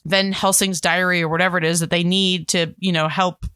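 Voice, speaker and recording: A woman co-hosting a podcast in casual chat, animated and gushing, with plenty of fillers and laughter. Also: fairly low pitch, fairly quick, clear, resonant tone, no echo, clean studio sound. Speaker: podcast co-host.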